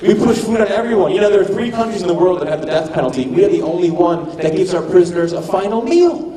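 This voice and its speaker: A man doing a stand-up comedy set, animated and mocking, acting out little voices. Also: high voice, fast. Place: live comedy venue with audience. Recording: echoey room, mic from a distance, crowd audible.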